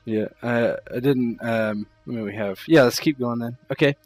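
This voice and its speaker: A man's voice: mid-range voice, normal speed, dry recording, soft background music. A man narrating as game master in a tabletop game, casual and hesitant with fillers.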